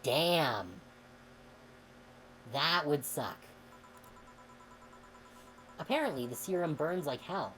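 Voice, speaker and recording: A woman streamer reading a game's dialogue aloud, expressive and sometimes heated. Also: sits low, takes it slowly, long pauses, slight background noise, rough recording. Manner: expressive, swings into heated outbursts when reading.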